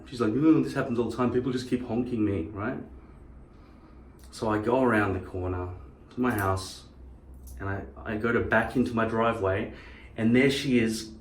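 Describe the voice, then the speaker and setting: A man's voice: medium pitch, slight background noise. A man ranting in a casual monologue, a profane and heated storyteller. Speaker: channel host. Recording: roomy, distant mic.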